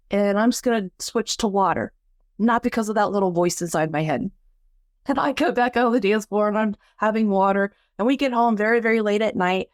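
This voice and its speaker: Woman, casual storytelling, animated, laughing, higher voice, dry room. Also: dry recording. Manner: animated, acts out quoted voices with big pitch jumps; laughs often while telling. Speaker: guest storyteller.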